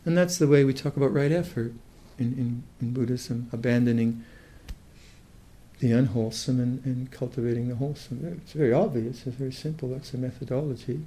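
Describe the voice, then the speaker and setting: An older Buddhist meditation teacher speaks in a dark-toned, mid-range voice with fairly even intonation. His reflective dharma talk is thoughtful and halting, full of restarted sentences.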